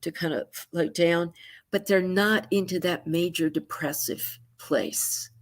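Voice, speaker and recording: A woman psychotherapist explaining moods in a relaxed conversation, acting out her clients' thoughts with sighs and quick asides over a video call. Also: fairly low pitch. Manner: animated, acts out clients' inner voices with sighs. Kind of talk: conversational explanation with acted-out examples.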